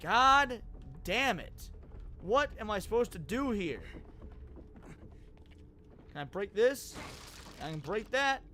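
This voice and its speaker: A man streaming a game with a very high, bright voice. He is excitable, swears freely and bounces between complaints and chat banter. His pitch moves all over the place. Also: slow pace, pauses often, a little hiss or hum. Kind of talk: casual gaming commentary.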